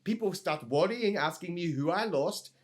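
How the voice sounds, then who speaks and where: A man's voice: sits high, expressive, moderate pace. A man playing a lonely, put-upon father of eight boys in improvised comedy, rambling and earnest. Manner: rambling, earnest, laughs mid-sentence. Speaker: podcast co-host. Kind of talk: improvised comedy role-play.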